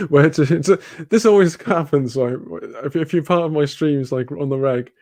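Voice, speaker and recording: A man's voice: fairly high pitch, unhurried, darkish tone, no echo, studio quality. A man with a British accent chatting casually on a live stream, reading comments aloud, rambling, laughing often and swearing freely.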